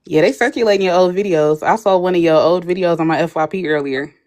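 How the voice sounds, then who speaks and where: A woman's voice: on the low side, fast. Chatty woman guest on a live stream. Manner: chatty, animated retelling. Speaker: livestream guest. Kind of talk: casual livestream chat.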